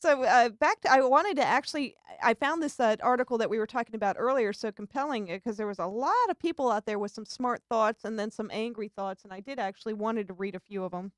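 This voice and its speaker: A woman with a fairly high voice hosts a casual live-streamed talk show, chatting loosely and giggling often as she restarts her sentences. The sound is dry and close, with no room echo. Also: fast talker, few pauses. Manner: chatty and giggly, tells jokes, frequent restarts. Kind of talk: casual chat.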